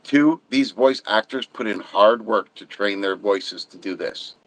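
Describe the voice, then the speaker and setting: A man's voice: fairly low pitch, measured pace, dry recording, rough recording. A middle-aged man hosting a livestream, chatting casually and ranting bluntly about his opinions. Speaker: livestream host.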